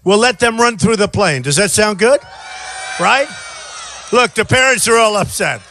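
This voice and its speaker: A man in his sixties giving an off-the-cuff campaign rally speech outdoors, rambling and repetitive, often shouting to a crowd. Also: high voice, lively intonation, normal speed, a little hiss or hum. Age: 60s. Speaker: presidential candidate.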